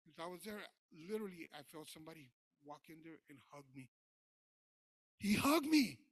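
A man preaching his personal testimony in church, talking informally with many fillers and moving between quiet recollection and loud preaching. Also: on the high side, quick pace, no echo. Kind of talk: sermon testimony.

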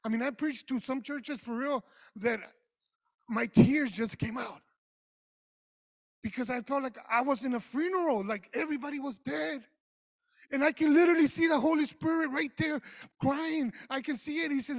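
A man preaching a sermon, praying and then speaking passionately to the congregation, rising at times to shouts. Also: extremely high pitch, moderate pace. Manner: addresses the congregation directly.

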